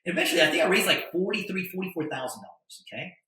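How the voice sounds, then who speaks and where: A man, a podcast guest, telling a story in a casual, animated way, with stammered restarts and tag questions. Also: high voice, very fast, heavy reverb, low-quality recording. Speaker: podcast guest, attorney and entrepreneur.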